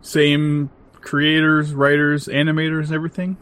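Somewhat high-voiced man chiming in. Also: completely flat delivery, normal speed, fairly bright tone. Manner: brief interjections and questions. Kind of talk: casual chat.

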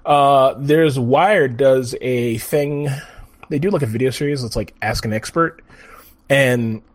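Speaking slowly in a mid-range voice, a man co-hosting a podcast drifts through a casual, profanity-laced conversation packed with filler words.

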